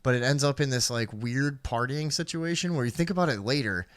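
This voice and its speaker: A man's voice: mid-range voice, a little fast, clear, resonant tone, dry recording. A man co-hosting a live stream, casually telling a rambling, profane story from his youth. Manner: rambling, laid-back, swearing. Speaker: podcast co-host.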